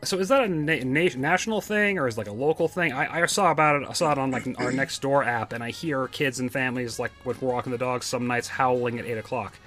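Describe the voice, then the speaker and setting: A man's voice: medium pitch, quick pace, few pauses, a bit bright, faint music behind. A man in his forties co-hosting a podcast, joking and teasing in casual banter. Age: 40s. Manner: jokey, teasing. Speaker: podcast co-host.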